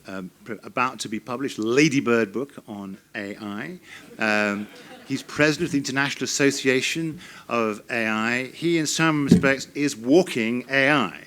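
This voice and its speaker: A man who chairs the event introduces the next speaker with generous praise. His voice is bright and sharp, at a middling pitch.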